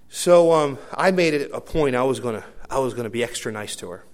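Male preacher mid-sermon, average pitch, anecdotal and rambling, quiet asides then loud bursts. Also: fairly quick, few pauses. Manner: rambling anecdotal delivery with many fillers and restarts; swings between hushed asides and loud emphatic bursts. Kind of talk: sermon storytelling.

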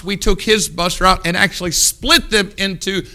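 A man preaching a sermon, telling a folksy story in a hushed voice and then rising into loud exhortation. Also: high-pitched, fairly even intonation, moderate pace.

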